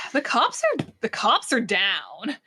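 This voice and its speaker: A woman game master narrating a tabletop actual play. She tells the scene in a lively way and laughs often as she goes. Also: fairly high pitch, takes it slowly, slight background noise.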